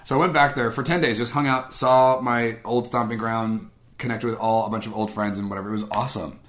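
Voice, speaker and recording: A man's voice: mid-range voice, fairly even intonation, fairly quick, a bit bright. A man from Guam telling a personal faith story in a casual, conversational way, often acting out what people said. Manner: conversational, acts out quoted dialogue, frequent "like" and "I was like". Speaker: speaker sharing a personal testimony.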